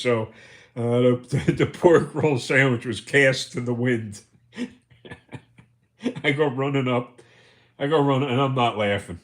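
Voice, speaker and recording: A man's voice: medium pitch, slow, pauses often, fairly bright tone. Male streamer, casual storytelling, foul-mouthed and rambling, mid-range voice. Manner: profane, rambling, chuckling through anecdotes. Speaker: livestream host.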